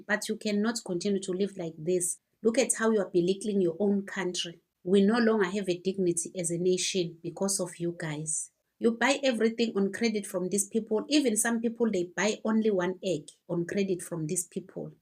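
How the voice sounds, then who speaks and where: A woman's voice: medium pitch, a little fast, a little mellow. A woman with a South African accent lecturing her viewers and asking pointed rhetorical questions. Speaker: commentator. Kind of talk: social commentary to camera.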